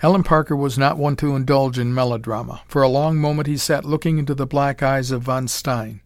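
Man narrating in a measured, dramatic tone. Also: mid-range voice, steady tone, dry recording. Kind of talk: scripted audiobook narration.

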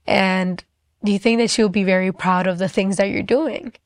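A woman quoting a soft-spoken caring church lady. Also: mid-range voice, steady tone, normal speed, no room sound, close to an everyday voice. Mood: concerned.

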